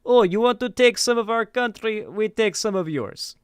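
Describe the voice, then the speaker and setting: A man's voice: high voice, normal speed, clean tone, no echo, clean studio sound, voice pushed up, lightly acted. A man voicing a mocking Russian man with a put-on Russian accent, taunting in a raised voice.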